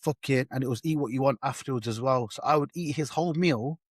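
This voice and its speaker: A man telling an animated, slangy story in a casual podcast chat, swearing freely. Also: medium pitch, fast, no echo, clean studio sound. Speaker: podcast co-host.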